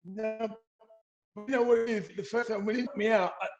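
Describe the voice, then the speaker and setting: A middle-aged man from England, telling stories in a casual interview, animated and stumbling over restarts. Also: high voice, a little fast, lo-fi sound, over music. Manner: animated storytelling with repeated restarts. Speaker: interview guest, former boxer.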